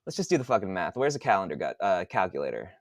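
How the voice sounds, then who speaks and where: A man who writes books, talking casually in a podcast monologue, swearing a lot and working out sums out loud. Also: low-pitched, big pitch swings, rapid-fire, dry recording. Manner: profane, thinks aloud while doing math. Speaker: author.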